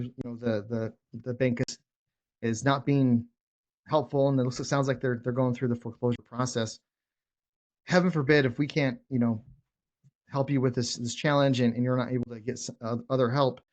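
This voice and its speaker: A real estate wholesaling coach teaches sales negotiation in a casual talk, blunt and emphatic, frequently restarting his words. His voice is medium-pitched and a little mellow, and the recording sounds muffled.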